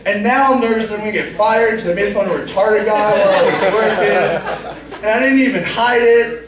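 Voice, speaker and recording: A man's voice: high voice, brisk, a crowd in the background. A young man doing a stand-up comedy set with loose, profane, self-mocking storytelling in a small club. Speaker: stand-up comic. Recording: echoey room, taken from far off. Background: audience laughing.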